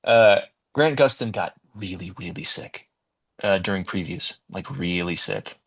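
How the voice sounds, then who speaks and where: A man's voice: low-pitched, measured pace. A man, a musical theater actor, telling backstage stories in a casual interview with lots of energy and acted-out quotes. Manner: animated storyteller, acts out quotes, says "man" and "like".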